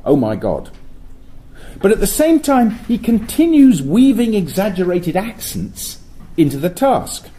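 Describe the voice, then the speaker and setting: A middle-aged man giving an academic lecture at a university, explaining in a measured way and sometimes correcting himself mid-sentence. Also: on the high side, warm tone, low-quality recording. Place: lecture hall.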